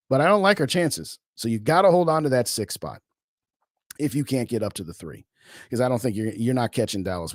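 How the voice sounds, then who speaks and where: A man's voice: fairly low pitch, darkish tone, no echo, studio quality. A man hosting a sports podcast, chatting casually and answering viewer comments in an opinionated, colloquial way. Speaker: podcast host. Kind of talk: casual live-stream sports talk.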